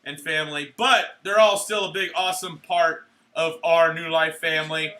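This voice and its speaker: A young man emceeing a church awards night, handing out certificates in an energetic, playful way, cheering and joking with the crowd. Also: on the high side, moderate pace. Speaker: youth pastor handing out awards. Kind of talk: live church event emcee. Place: church hall at a live event.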